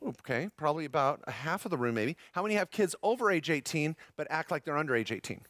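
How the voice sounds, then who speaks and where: A man's voice: a little high, expressive, quick pace, a bit bright. A middle-aged man speaking at a live tax seminar, upbeat and jokey, polling the room and addressing the audience as guys.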